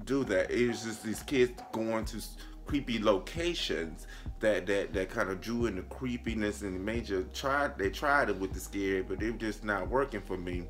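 A man in his late twenties giving a sassy, animated casual movie review, calling the viewer honey and jumping into a high voice when he quotes himself. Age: late 20s.

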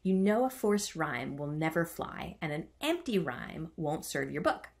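A woman's voice: deep voice, sing-song, a little slow, gravelly. A woman teaching a writing workshop. She chants the stressed beats aloud and adds playful, self-mocking asides. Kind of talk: online writing lesson.

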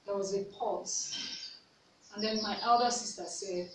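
A woman's voice: medium pitch, fairly even intonation, normal speed. A Nigerian woman vlogger telling a personal story, earnest, repeating herself for emphasis. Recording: echoey room, mic at a distance, faint noise.

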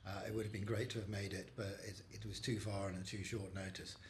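A man's voice: lowish voice, little pitch movement, brisk, a little hiss or hum. A man giving a fond, brotherly farewell message to an old friend. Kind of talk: casual video greeting.

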